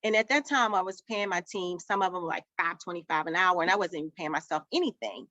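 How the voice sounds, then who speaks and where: A woman's voice: fairly low pitch, quick pace, dry recording. A woman, a childcare business owner, telling her story as a summit guest and acting out the dialogue in it. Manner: lively storyteller who acts out quoted dialogue. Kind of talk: storytelling interview answers. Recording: dull lo-fi dry sound.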